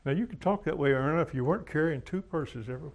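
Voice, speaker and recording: Male preacher, slightly high voice, folksy storyteller, dramatic dynamics. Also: lively intonation, fast talker. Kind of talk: sermon with anecdotes.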